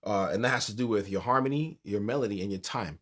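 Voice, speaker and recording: A man teaching a keyboard tutorial in a relaxed, conversational way, counting beats aloud as he plays. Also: fairly low pitch, quick pace. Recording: piano music under the voice.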